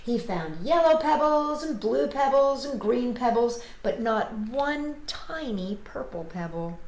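A woman children's storyteller reading a picture book aloud, expressive and playful, talking to young viewers at home. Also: on the high side, a little slow. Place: home, livestreamed. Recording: roomy home livestream audio.

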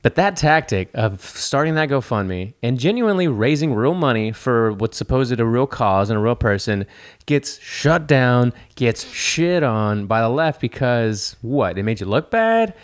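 A man's voice: mid-range voice, very animated, measured pace. A man co-hosting a comedy podcast, chatting casually with profane, wry, rambling asides. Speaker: podcast co-host.

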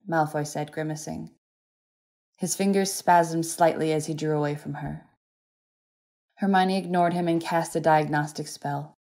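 A woman narrating a fan fiction audiobook in a steady, even reading voice. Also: low-pitched, unhurried, long pauses.

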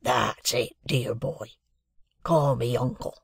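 A man doing a hushed, gruff old convict. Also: mid-range voice, slow, dry recording, studio quality, exaggerated voice. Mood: guarded. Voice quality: hushed, coarse, old-fashioned rustic speech. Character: rough old male convict, low and guarded.

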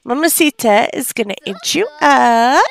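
High-pitched and gravelly, a woman commentates on a game in a relaxed, talkative way. As a let's play host, she gasps frequently and coos at the game's characters.

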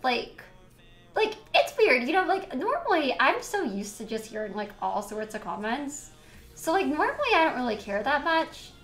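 High-voiced young woman livestreaming, roomy. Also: big pitch swings, normal speed, fairly bright tone. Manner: filler-heavy, repeats "like" constantly; exasperated, defensive. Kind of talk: casual livestream chat. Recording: roomy echo with faint music.

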